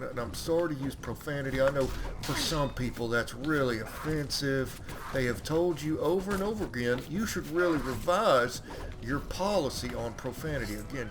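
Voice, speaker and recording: A man's voice: medium pitch, creaky, natural voice. A man voicing a folksy, lecturing middle-aged TV psychologist who scolds him in a patronizing therapist tone and keeps asking "all right?". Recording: game music playing behind.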